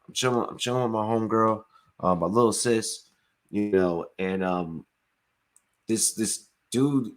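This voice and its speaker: A man's voice: fairly low pitch, a bit bright. A young man co-hosting a podcast, telling a story in casual, profane chat with frequent laughs. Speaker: podcast co-host.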